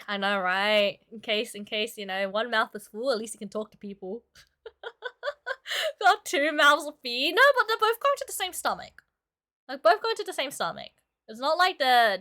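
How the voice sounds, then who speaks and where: A woman with a lively, bouncy voice chats casually with her stream while she draws. She sounds bright and a touch high, giggles often and leans on filler words, and she is a little sick with a cough. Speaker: streamer and illustrator. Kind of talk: casual livestream chat while drawing.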